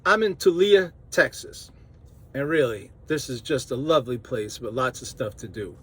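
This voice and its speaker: A truck driver from New Orleans with a New Orleans accent, chatting casually to camera in a vlog and laughing often. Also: male voice, medium pitch, animated, normal speed, a bit bright, slightly rough. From New Orleans, Louisiana.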